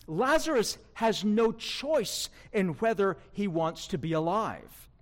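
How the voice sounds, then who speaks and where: In a sermon, a man puts questions directly to those listening, his delivery slow and emphatic. The voice is fairly high, sweeping broadly across its range.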